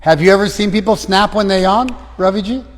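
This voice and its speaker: A man's voice: high voice, steady tone, fairly quick, big-room sound. A man leading a scripture class, probing his students with repeated questions. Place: class room, some students joining by phone.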